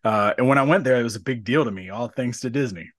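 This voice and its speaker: A man hosting a podcast interview, asking his guest questions in a relaxed, conversational way. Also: medium pitch, fast talker, no echo, studio quality. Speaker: podcast host. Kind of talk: casual interview chat.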